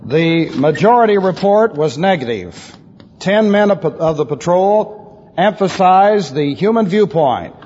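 On an old lo-fi recording made in a reverberant hall, a pastor teaches doctrine in a methodical sermon, repeating key phrases for emphasis. His voice sits high and is a little mellow, with a breathy edge.

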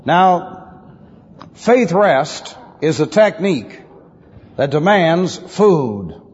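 A man's voice: fairly high pitch, darkish tone, slightly rough. A man teaching a methodical sermon, repeating key phrases with emphasis, on an old recording. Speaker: pastor teaching doctrine. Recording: lo-fi old recording in a reverberant hall.

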